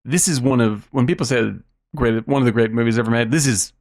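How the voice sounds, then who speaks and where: A man's voice: medium pitch, fast, darkish tone. A man co-hosting a casual film podcast, talking enthusiastically with plenty of fillers. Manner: enthusiastic, lots of likes and yeahs. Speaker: podcast co-host.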